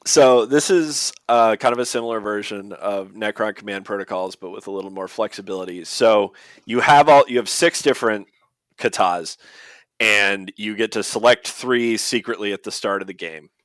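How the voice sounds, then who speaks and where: Man, low voice, podcast co-host, methodical rules explainer, fillers, dry close sound. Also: normal speed, a bit bright, dry recording. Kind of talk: casual explanatory chat.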